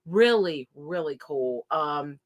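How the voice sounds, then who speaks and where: A woman's voice: deep voice, animated, slow pace, muffled recording. A woman with an Appalachian accent, co-hosting a podcast in casual chat. She jokes brashly and often calls the listeners "guys". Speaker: podcast co-host.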